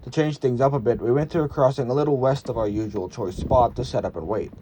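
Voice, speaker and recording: A man giving calm, matter-of-fact voice-over narration for his own railfan vlog. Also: mid-range voice, fast talker. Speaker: railfan vlogger. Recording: noisy recording.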